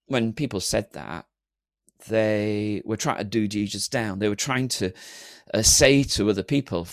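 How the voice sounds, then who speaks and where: A man preaching a sermon to an online congregation, animated and humorous, slipping into flat mock-bored voices. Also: fairly low pitch, a little slow. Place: streamed church service.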